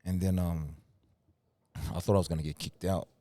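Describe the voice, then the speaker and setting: Young man from New Zealand, interview guest, soft-spoken, low warm voice. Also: normal speed, dry recording. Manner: soft-spoken, relaxed storyteller. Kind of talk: casual storytelling.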